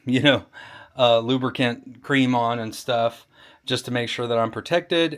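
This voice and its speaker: A man's voice: medium pitch, a bit bright. A man talking casually to camera in a vlog, rambling and folksy, often saying "y'all". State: out of breath while running. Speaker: vlogger.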